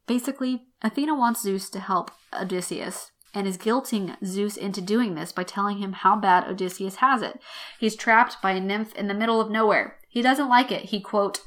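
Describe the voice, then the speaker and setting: A woman hosting a podcast lesson, explaining an old text in a wry, chatty way and slowing down to read quotations. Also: medium pitch, fairly bright tone. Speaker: podcast host teaching literature.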